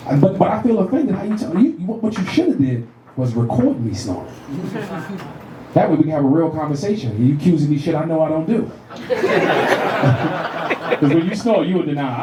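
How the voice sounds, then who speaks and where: A middle-aged man doing stand-up comedy, telling animated profane stories and working the crowd on a club stage. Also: a little high, brisk, long pauses. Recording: roomy club with audience laughter.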